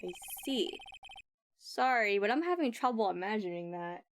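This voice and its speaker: A woman's voice: mid-range voice, lively intonation, normal speed, slight background noise, close to an everyday voice. Phoenix Wright, read by a woman, dry and skeptical. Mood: wry. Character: young male defense attorney, dry and skeptical. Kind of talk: game dialogue read aloud.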